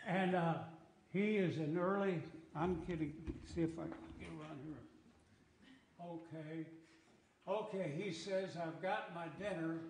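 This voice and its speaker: Give me a folksy man speaking to a congregation, unhurried and high-pitched. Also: a little hiss or hum. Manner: folksy, joking. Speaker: lay speaker at a congregation service. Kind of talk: humorous talk with slides. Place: congregation hall.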